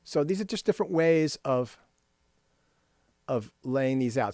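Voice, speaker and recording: A man leads a rhythm workshop for composers in an explanatory, chatty way, scatting the beats aloud and often checking in with "right?". His voice sits at an ordinary mid pitch, recorded close and dry. Faint music plays under his talk. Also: expressive, unhurried, long pauses, a little mellow, no echo. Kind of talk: screen-share music lesson.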